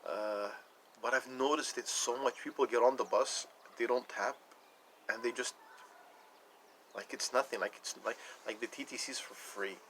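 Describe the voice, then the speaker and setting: A man's voice: medium pitch, moderate pace, fairly bright tone, a little hiss or hum, low-quality recording. A man talking casually into the camera, rambling and repeating himself as he retells conversations. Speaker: vlogger. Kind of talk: casual personal rant.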